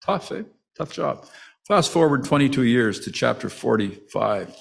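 A man delivering a sermon like he's chatting with the congregation. He often restarts his sentences and breaks off into asides. His voice sits at an everyday middle pitch. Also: animated, moderate pace, gravelly. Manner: conversational, with frequent restarts and asides; acts out the brothers' quoted lines with rising emotion. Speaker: preacher.

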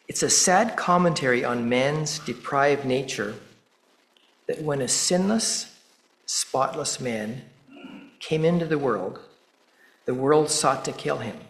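A man preaching a sermon in a measured way, pausing deliberately and quoting scripture. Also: medium pitch, reverberant, poor audio. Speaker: pastor.

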